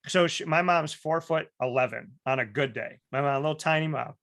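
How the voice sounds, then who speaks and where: A male talk show host tells stories in a casual chat, animated and acting out the voices of the people in them, with many restarts. His voice is fairly high and brisk, captured in clean studio sound with no room sound.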